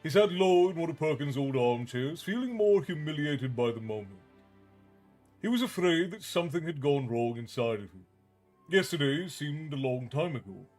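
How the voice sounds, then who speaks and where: A man reading a story aloud on a livestream, theatrical and dramatized, chatting between passages. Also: on the high side. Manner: animated, theatrical.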